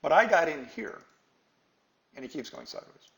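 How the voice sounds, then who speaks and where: A man's voice: a little high, very animated, moderate pace, gravelly, a bit bright. Emphatic male trading instructor, echoey room. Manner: emphatic, quizzes students with questions. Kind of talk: live trading class lecture.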